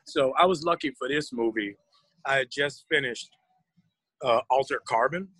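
Man in his forties, lively guest storyteller, husky, dry. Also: medium pitch, moderate pace, dry recording, low-quality recording. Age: 40s. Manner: lively storyteller, puts on voices for anecdotes. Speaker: actor guest. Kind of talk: casual interview chat.

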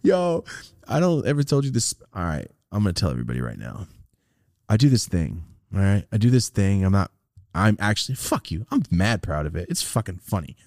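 A man co-hosting a casual podcast, swearing freely and acting out loud quoted voices as he tells stories. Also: fairly low pitch, big pitch swings, fairly quick, dry recording, clean studio sound. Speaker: podcast co-host.

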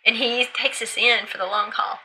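A middle-aged woman, a podcast guest, telling an emotional story in casual conversation and jumping higher in pitch when she quotes others. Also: steady tone, normal speed, bright, forceful tone, a little hiss or hum, rough recording.

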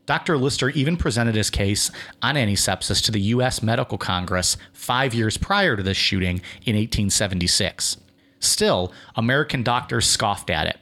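A man's voice: lowish voice, lively intonation, moderate pace, a bit bright. Man reading history notes on a podcast. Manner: reads notes, then drifts into filler-heavy "like" chatter. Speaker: podcast host and narrator. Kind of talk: reading a history outline with casual asides.

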